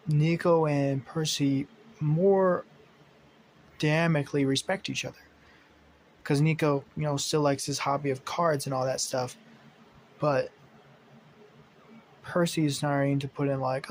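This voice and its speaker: A young man with a slightly high voice narrates an improvised fan story. He rambles loosely, fills gaps with ums and likes, and swears casually. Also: fairly even intonation, measured pace, pauses often, a little hiss or hum. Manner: rambling with many fillers and swearing.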